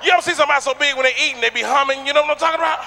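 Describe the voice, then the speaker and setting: A man doing a stand-up comedy routine on a theater stage, loud and boisterous, acting out people with shouts and sounds. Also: very high voice, rapid-fire, gravelly, slight background noise.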